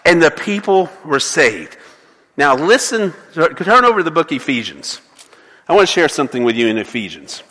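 A male pastor with a high, bright voice preaches with animated storytelling and calls out to his congregation. The sermon carries a long reverb from the large hall. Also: normal speed.

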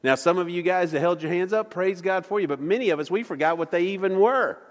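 A man's voice: high voice, fast, long reverb tail. A man preaching a sermon, folksy and joking, often stammering and repeating words as he talks. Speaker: pastor. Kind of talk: sermon with jokes. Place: church sanctuary.

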